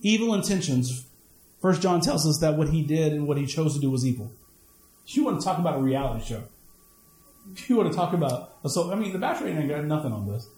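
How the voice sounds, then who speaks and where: A man preaching a sermon, mixing personal stories with scripture, swinging between high emphatic lines and low asides. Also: expressive, brisk, darkish tone, reverberant. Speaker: pastor.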